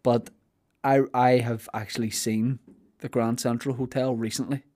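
A man's voice: medium pitch, little pitch movement, moderate pace, mellow. A man with a Belfast accent chatting casually on a podcast, rambling and joking and acting out silly voices. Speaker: podcast host. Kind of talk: casual comedic chat.

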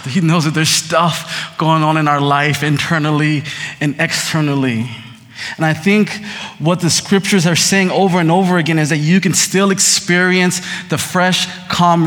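A man preaching a sermon, moving between hushed scripture reading and excited, laughing storytelling. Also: a little high, in a large hall. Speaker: pastor.

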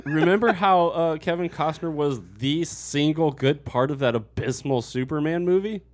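A man co-hosting a casual movie review podcast, talking in a measured way as he lays out his points one by one. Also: fairly high pitch. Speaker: podcast co-host.

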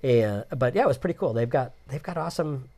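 A man co-hosting a casual podcast about travel, talking in a halting, rambling way with many fillers and restarts. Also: mid-range voice, lively intonation, warm tone. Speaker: podcast co-host.

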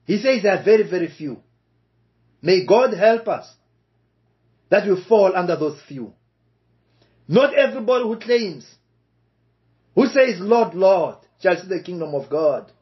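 A man preaching a sermon, slow and emphatic, repeating key phrases for weight. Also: high voice, lively intonation. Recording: dull lo-fi recording.

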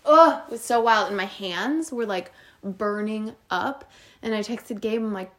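Young woman on a podcast, casual chat, tells her story all animated, says "like" a lot, medium pitch. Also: unhurried. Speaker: podcast co-host.

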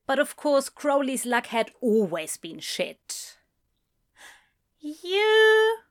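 A woman narrating a fan fiction story in an unhurried, expressive storytelling manner. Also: fairly high pitch. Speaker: reader.

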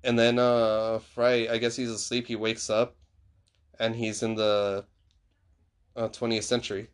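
A man's voice: lowish voice, completely flat delivery, a little slow, clean tone. A man chatting casually, retelling a story with lots of fillers and restarts. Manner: rambling, filler-heavy storytelling. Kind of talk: casual chat.

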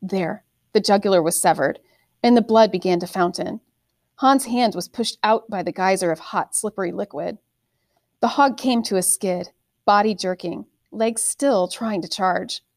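A woman's voice: mid-range voice, no room sound. Woman reading a fantasy novel, dry sound. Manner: steady, measured storytelling. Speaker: audiobook narrator. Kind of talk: scripted fantasy novel narration.

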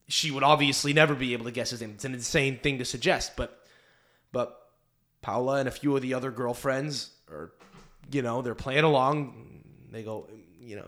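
A man's voice: medium pitch, brisk, fairly bright tone. A young man hosting a podcast in casual chat, rambling through stories and swearing often. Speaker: podcast host.

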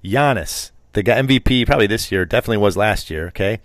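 A man with a fairly low voice chats casually about sports on a home podcast. He rambles, teases and throws out strong opinions. The sound is close and dry. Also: fast talker, dry recording. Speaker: podcast co-host.

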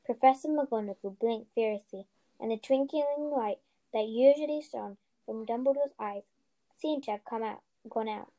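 A woman co-hosting a podcast, reading a children's novel aloud with steady storytelling and a few slips. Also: a little high, moderate pace, muffled recording. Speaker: podcast co-host, reader.

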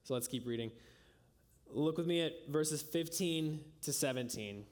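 A man preaching a sermon with earnest emphasis, climbing high on key lines and sinking soft and low at their ends. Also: measured pace. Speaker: pastor.

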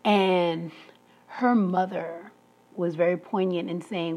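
A woman's voice: on the low side, steady tone, takes it slowly, a little mellow. A woman talking through a personal story in an emphatic monologue, laughing between her points. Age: adult, past school age.

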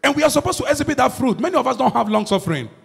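A man preaching a sermon as pastor, swinging between loud shouts and low murmurs. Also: big pitch swings, very fast, vocal fry, slightly rough. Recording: long hall reverb.

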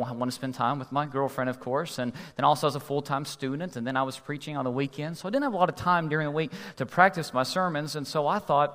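A man's voice: a little high, fairly bright tone. A male pastor preaching a sermon in a conversational, storytelling way with humor, heard in an echoey hall.

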